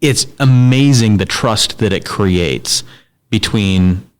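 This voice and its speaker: A man hosting a podcast, asking questions in a slow, deliberate way. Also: fairly low pitch, clear, resonant tone. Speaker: podcast host. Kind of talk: casual interview questions.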